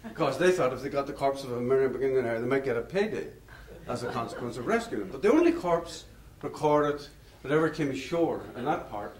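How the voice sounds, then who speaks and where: A male lecturer telling stories in a rambling, anecdotal manner and chuckling now and then. His voice sits at an ordinary middle pitch and sounds distant, picked up far from the mic in a roomy hall with a faint hum of ambience behind. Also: expressive, fast talker, few pauses, a little mellow. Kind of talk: public lecture with storytelling.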